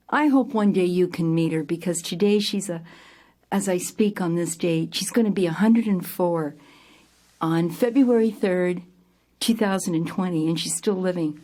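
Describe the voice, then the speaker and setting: This is an older woman who started a theater company, sharing her personal story before an audience. She's vivid and animated, dramatizing moments with sudden jumps in how high and loud she speaks.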